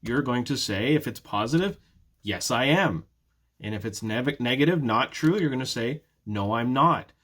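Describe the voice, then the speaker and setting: A man's voice: mid-range voice, animated, moderate pace, a bit bright. A man teaching a prerecorded beginner English lesson, patiently explaining step by step with repeated example sentences and modeling question intonation. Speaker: ESL teacher.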